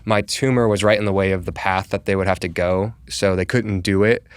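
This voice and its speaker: Here the same Colorado podcast guest, a young real estate agent, speaks in a low, steady, smooth voice at a brisk clip, recorded without any room sound. Chatting casually through a lengthy personal story, he peppers it with "like" and performs the lines he quotes.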